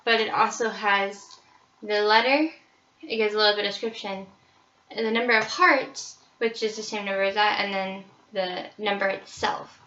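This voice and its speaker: Young woman, book presentation, casual with ums, bright tone, lo-fi sound. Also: mid-range voice, steady tone, moderate pace, recorded from a distance. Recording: roomy, slightly dull recording.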